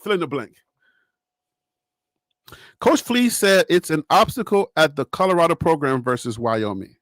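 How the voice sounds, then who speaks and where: A man hosting a sports talk channel, talking straight to his viewers and chat in a lively, animated way and laughing often. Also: a little high, moderate pace, no room sound, clean studio sound. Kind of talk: casual live-stream commentary.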